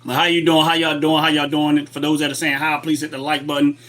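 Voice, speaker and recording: A man's voice: on the high side, flat delivery, quick pace, a bit bright. Fired-up man ranting on a livestream. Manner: fired-up, repetitive, reads chat aloud. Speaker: livestream host. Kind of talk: political livestream rant. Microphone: webcam setup at desk.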